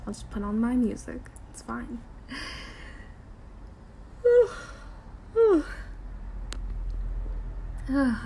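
A woman in a role-play skit, a girlfriend driving her partner home, talking to the listener and swearing while insisting she is calm. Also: medium pitch, a little hiss or hum. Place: in a car.

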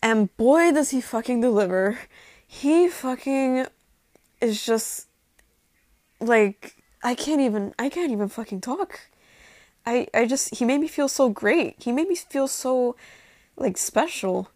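Young woman, fairly high voice, dry close sound, unscripted racy storyteller with lots of "like" and swearing. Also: lively intonation, slow, a little mellow, no room sound.

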